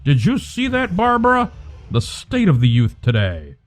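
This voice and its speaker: A man's voice: high-pitched, huge pitch swings, normal speed. A man putting on the voice of a prim elderly bystander, huffy and scandalized by rude youth.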